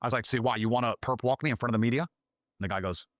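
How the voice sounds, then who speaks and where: A man's voice: mid-range voice, very fast, no echo, clean studio sound. A middle-aged man telling a long story on a podcast, swearing freely and acting out what others said in mocking voices. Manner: profane, acts out quoted lines in mocking voices. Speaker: podcast guest. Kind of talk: animated storytelling in a podcast clip.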